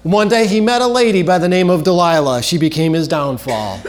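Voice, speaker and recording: Earnest high-voiced male preacher. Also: brisk. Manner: earnest preaching, repeats key phrases, drops low at ends of phrases. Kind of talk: sermon.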